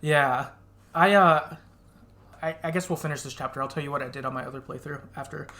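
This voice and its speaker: A man's voice: on the high side, fairly quick, pushed and bright. A man co-hosting a podcast, chatting casually and laughing often as he recaps a game and acts out its quoted lines. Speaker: podcast co-host.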